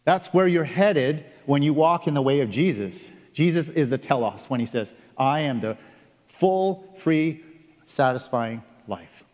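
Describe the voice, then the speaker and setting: A man preaching a sermon in an earnest way, reading scripture aloud and stressing key words with pauses. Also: a little high, a little mellow. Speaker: pastor. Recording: long reverb of a large hall.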